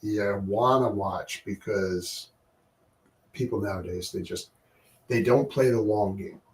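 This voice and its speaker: Low-voiced, laid-back male co-host, off-mic. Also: slow pace. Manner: laid-back, plain-spoken, short agreements. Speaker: podcast co-host. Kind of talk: casual podcast chat. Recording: distant from the mic.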